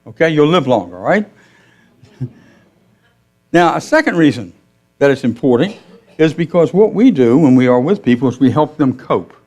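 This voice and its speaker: A middle-aged male minister giving a gentle, conversational sermon in a church, telling stories with quoted dialogue and asking his listeners questions. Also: fairly high pitch, big pitch swings, normal speed, pauses often. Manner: conversational, asks the congregation questions. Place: church sanctuary.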